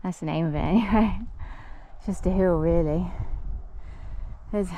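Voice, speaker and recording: A woman's voice: fairly low pitch, brisk, dark tone, poor audio. A woman vlogging casually while hiking alone outdoors, chatty and laughing often. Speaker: solo hiker vlogging. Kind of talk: casual spoken vlog on the trail. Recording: outdoor recording with clear wind and ambient noise.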